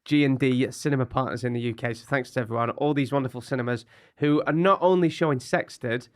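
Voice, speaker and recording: A man's voice: medium pitch, fast. A man from England co-hosting a comic podcast, talking in a jokey, playful way. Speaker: podcast co-host.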